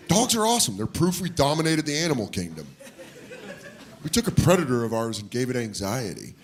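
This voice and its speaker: Animated male stand-up comic, live crowd. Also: medium pitch, brisk, creaky. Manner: loud, animated storytelling with shouted put-on voices. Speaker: stand-up comedian. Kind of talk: stand-up comedy routine. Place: comedy club stage before a laughing audience. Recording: live club recording with crowd noise.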